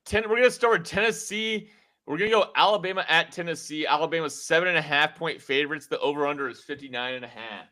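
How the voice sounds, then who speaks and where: A man's voice: fairly high pitch, fast, pushed and bright. A man hosting a casual sports podcast, rambling and joking with lots of fillers. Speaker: podcast host. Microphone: podcast mic.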